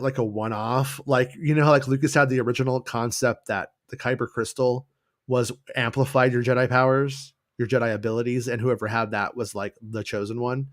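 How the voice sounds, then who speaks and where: A man's voice: mid-range voice, dry recording, studio quality. A man hosting a casual fan news show, chatting loosely with many restarts and joking asides. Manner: rambling, restarts, jokey put-on voices. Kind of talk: casual livestream chat.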